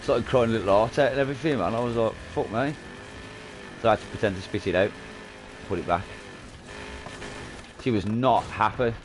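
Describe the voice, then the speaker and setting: A man's voice: fairly low pitch, a little fast, pauses often, music in the background. A man chatting casually and swearing while streaming a game. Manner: swearing, rambling storytelling. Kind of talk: casual chat while gaming.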